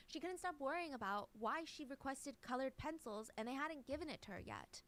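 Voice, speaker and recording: A woman's voice: medium pitch, a bit bright. A woman telling a true crime story in a casual, chatty way and speaking to viewers directly.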